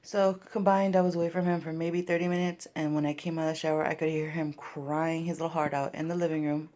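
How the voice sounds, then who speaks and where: A woman's voice: deep voice, level tone, quick pace, warm tone. A woman vlogger chatting casually at home, rambling with lots of fillers. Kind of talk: casual vlog chat.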